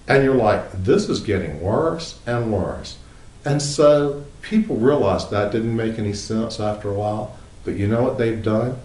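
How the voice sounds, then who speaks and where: A man's voice: fairly low pitch, lively intonation, normal speed, a little mellow, roomy sound, poor audio. A man, a writer giving a wry, humorous monologue and quoting others in mocking tones. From United States. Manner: wry, drawling, quoting others in mock voices. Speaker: writer and commentator.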